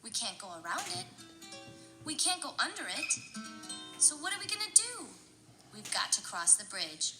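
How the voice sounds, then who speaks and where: A woman leading a children's storytime, chanting and coaxing her young listeners along in an animated, sing-song way. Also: sits high, normal speed, long pauses, music in the background. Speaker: children's librarian.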